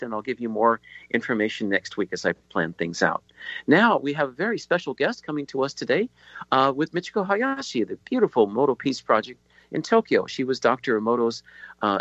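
A man's voice: medium pitch, a bit bright, no room sound, muffled recording. A man hosting a radio talk show from a studio, rambling with many ums and restarts. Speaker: radio host.

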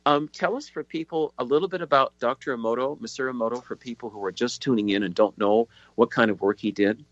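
A man's voice: medium pitch, quick pace, a bit bright, no room sound, dull audio. A man hosting a radio talk show from a studio, rambling with many ums and restarts. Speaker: radio host.

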